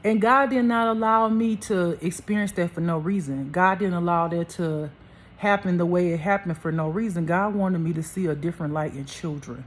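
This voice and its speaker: Speaking directly to camera, a woman who vlogs as a spiritual life coach delivers a heated, preachy monologue, repeating herself and addressing her viewers. Her voice is on the low side at a normal speed.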